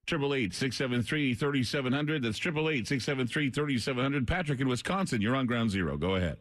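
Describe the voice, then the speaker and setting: A man's voice: mid-range voice, animated, fast talker, no echo. A man hosting a talk radio show, speaking in an earnest, preaching manner into a close studio microphone. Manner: earnest, preaching delivery, briefly choked up. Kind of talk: late-night talk radio.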